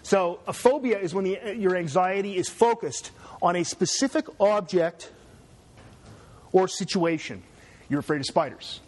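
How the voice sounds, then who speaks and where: A man lecturing a class in an easygoing, conversational way. His voice sits a little high, and he often turns to the students with "right?". The sound comes from a classroom, and at times he moves away from the mic. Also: a little slow, a little mellow. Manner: chatty, asks students "right?".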